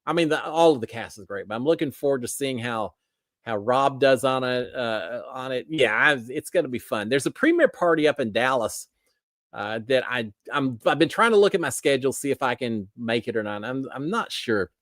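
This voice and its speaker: A middle-aged man rambles through a casual livestream chat, stopping and restarting his sentences and poking fun at himself. His voice sits at an ordinary pitch. The sound is close and dry. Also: lively intonation, normal speed, a bit bright, no room sound. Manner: rambling, self-deprecating, many restarts. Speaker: livestream host. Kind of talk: casual chat reading viewer comments.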